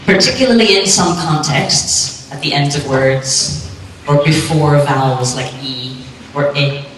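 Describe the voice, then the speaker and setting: A woman giving a clear, lightly joking talk on pronunciation to a live audience at a conference. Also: low voice, a little slow. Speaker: conference speaker on pronunciation teaching. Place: lecture hall. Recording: echoey hall, distant mic, faint hum.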